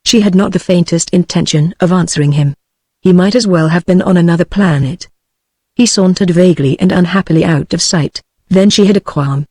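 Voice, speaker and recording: A synthetic text-to-speech voice narrating an audiobook in an even, mechanical reading. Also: mid-range voice, fairly quick, breathy edge, no echo.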